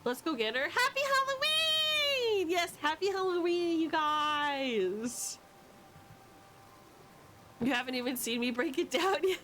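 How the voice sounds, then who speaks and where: Loud swearing woman streamer. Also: sits high, animated, fast talker, few pauses, background noise. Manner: loud, playful, swears a lot, yells at the game. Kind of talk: casual gameplay commentary.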